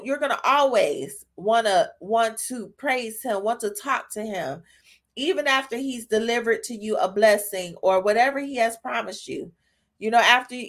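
A woman hosting a casual devotional talk, talking straight to her listeners and growing emotional. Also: a little high. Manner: conversational, asks listeners "y'all" and "right?", grows emotional. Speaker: podcast host giving a devotional talk.

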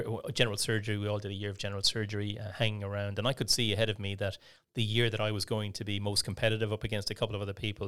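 An Irish man in middle age talks quickly through his memories, with a low voice and a gravelly edge. He often breaks off and restarts, filling gaps with little sounds as he goes. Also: fairly bright tone. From Ireland. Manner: fast, rambling with many restarts and fillers. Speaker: surgeon. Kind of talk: interview storytelling.

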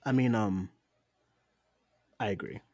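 A man's voice: fairly low pitch, slow, dark tone, no echo, studio quality. A man co-hosting a podcast, talking in a loose, rambling way with lots of fillers and frequent laughs. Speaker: podcast co-host. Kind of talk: casual chat review.

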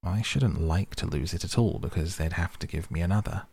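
A curious, chatty young girl who rambles on, musing aloud to herself as she puzzles things out, read by a man. The voice stays deep and gravelly, with a husky edge. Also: brisk, a little mellow, no room sound. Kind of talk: storybook character reading.

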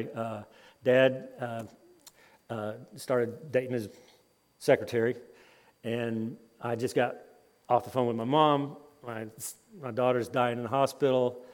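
Storytelling preacher in a reverberant hall. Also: male voice, medium pitch. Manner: lively storytelling, voice rising and dropping with the tale. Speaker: conference speaker. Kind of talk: sermon with personal stories.

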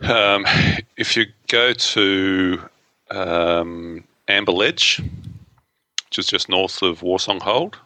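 A man with an Australian accent co-hosting a gaming podcast, relaxed and giving helpful game advice. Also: sits low, slow pace, no room sound. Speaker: podcast co-host. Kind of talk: casual gaming chat.

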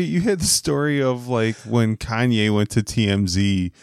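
A man's voice: mid-range voice, measured pace, smooth, no room sound, clean studio sound. A man co-hosting a casual podcast, sardonic and profane, often laughing. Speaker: podcast co-host.

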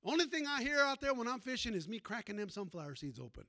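Pastor guy preaching, real high voice, folksy stories, keeps asking the church amen. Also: big pitch swings, fast, bright, forceful tone. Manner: folksy storytelling preacher, calls to the congregation. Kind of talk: sermon.

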